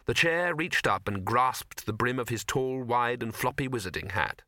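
A man narrating a comic fantasy audiobook with expressive storytelling. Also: mid-range voice, moderate pace, no echo, studio quality. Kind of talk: scripted narration.

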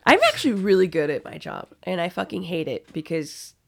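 Gravelly-voiced young woman, blunt storyteller. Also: on the low side, big pitch swings, fairly quick. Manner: blunt, swears freely, storytelling. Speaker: podcast co-host. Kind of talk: casual chat.

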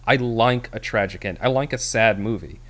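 A low-pitched man chatting casually as a podcast co-host, recapping a film. He rambles, trails off and restarts often, filling gaps with "um" and "like.". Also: normal speed, a bit bright. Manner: rambling, many fillers and restarts. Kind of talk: casual movie review chat.

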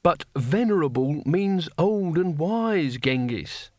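A man's voice: fairly high pitch, animated, takes it slowly, darkish tone, no echo, clean studio sound, pitched above the performer's own voice. A man voicing a fussy, polite middle-aged schoolteacher who speaks patiently to unruly pupils in an audiobook.

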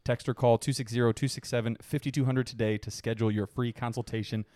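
A man's voice: medium pitch, steady tone, fast talker, warm tone, dry recording. Thirties man, podcast co-host, laughing storyteller, mid voice, dry booth sound. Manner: laughs through stories, sings goofy bits. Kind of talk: casual chat.

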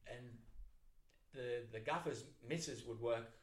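A middle-aged tattoo artist co-hosting a relaxed podcast, his voice sitting at an average pitch. He tells stories animatedly, restarting sentences and laughing often. The room adds a noticeable echo. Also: measured pace. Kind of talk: casual chat, storytelling. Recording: roomy echo.

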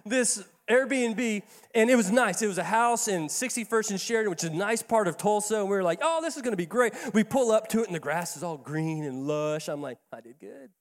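A man's voice: high voice, brisk, hardly any pauses. Folksy man preaching in an echoey hall. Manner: conversational, folksy, repeats words when excited. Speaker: pastor. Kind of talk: sermon storytelling. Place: church sanctuary.

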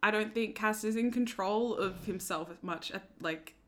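A woman's voice: medium pitch, moderate pace, slight background noise. A woman with an Australian accent, co-hosting a casual podcast chat and rambling through her points with lots of "um" and "like". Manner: rambling, fillers like "um" and "like". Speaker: podcast co-host.

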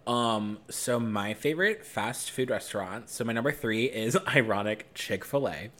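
A man's voice: lowish voice, normal speed, a bit bright. A young man co-hosting a podcast, chatting casually and gushing over favorite movies in a campy way. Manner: gushing, quotes movie lines in campy voices. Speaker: podcast co-host. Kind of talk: casual chat.

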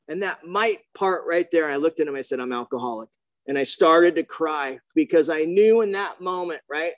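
A man sharing his recovery story in a casual, slangy way, bouncing between narration and acted-out dialogue. His voice sits fairly high, and the sound is dry and close with no room echo. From grew up near the ocean. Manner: animated storytelling, slangy, acts out quoted dialogue. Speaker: recovery meeting speaker.

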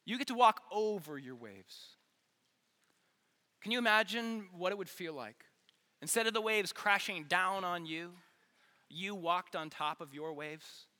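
A man preaching an earnest, energetic youth sermon, repeating phrases for emphasis, in a large church hall. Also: high voice, unhurried. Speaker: youth pastor. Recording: long hall reverb.

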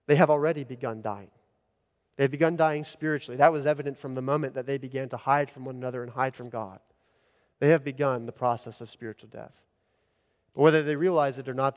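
A man preaching an earnest expository sermon as pastor, rising in emphasis at key points. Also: mid-range voice. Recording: long church reverb.

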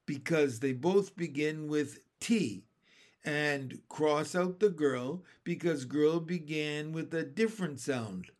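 A man reading a children's chapter book aloud in a calm, careful storytelling manner. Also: fairly high pitch. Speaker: storybook reader.

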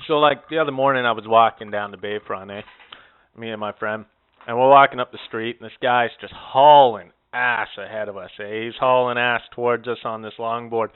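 A man's voice: medium pitch, steady tone, brisk, smooth. A man spins a long, rambling story on a podcast. He swears freely and fills his talk with "eh" and "like". The sound is narrow and tinny, as if heard over a phone line. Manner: rambling, profane, peppered with "eh" and "like". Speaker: podcast co-host. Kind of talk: casual storytelling.

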